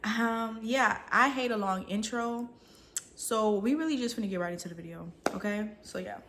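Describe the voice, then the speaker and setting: A woman's voice: fairly high pitch, normal speed, noisy background. A young woman, vlogging in a casual, chatty rant, talking through bites of food. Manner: casual, chatty, talks while eating.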